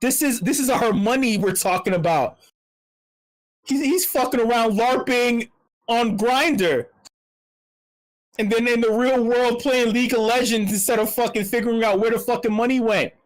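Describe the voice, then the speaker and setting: Ranting meetup speaker: swears constantly, repeats words, pitch swinging up and down. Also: normal speed, poor audio. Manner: animated, jumping between high and low pitch. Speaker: speaker at a web3 community meetup. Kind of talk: profane ranting commentary.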